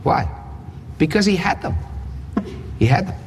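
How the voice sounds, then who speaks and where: A man's voice: a little high, lively intonation, a little slow, a little hiss or hum. A man preaching a sermon, emphatic, with rhetorical questions and dry humor. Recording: husky voice in reverberant hall.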